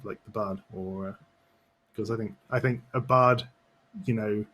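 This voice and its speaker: A man's voice: fairly low pitch, steady tone, unhurried, fairly bright tone, a little hiss or hum. Man explaining game rules, thinking aloud. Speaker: player. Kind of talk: casual tabletop game talk.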